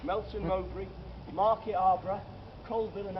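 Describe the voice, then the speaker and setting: On a nighttime ghost walk outdoors in the city, a tour guide whose voice sits high and sounds animated speaks at a moderate pace. The mic is distant and the lo-fi audio carries loud street noise as he jokes theatrically, addressing the group as sir and madam.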